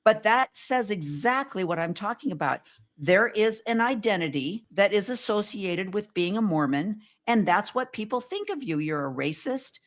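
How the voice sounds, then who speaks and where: Female host, lively and exclamatory, slightly low voice, casual conversation. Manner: animated, exclamatory. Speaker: podcast host. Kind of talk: casual chat.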